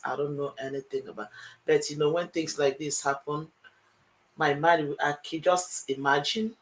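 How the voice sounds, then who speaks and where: A woman's voice: deep voice, slight background noise, poor audio. A woman with a Nigerian accent speaking on a talk show panel, hesitant and heartfelt, with many fillers. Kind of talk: emotional panel discussion.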